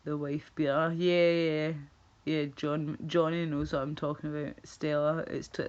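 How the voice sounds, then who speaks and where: A woman's voice: low-pitched, level tone, measured pace, darkish tone, smooth, muffled recording. A Scottish woman livestreaming, chatting casually and rambling as she reacts to viewers' comments. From Scotland.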